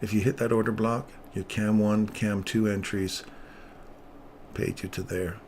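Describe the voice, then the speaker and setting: Rambling, lower-voiced man teaching trading. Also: little pitch movement, a little slow, a little mellow, a little hiss or hum. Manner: casual, rambling, easily sidetracked. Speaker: trading channel host. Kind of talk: live trading commentary.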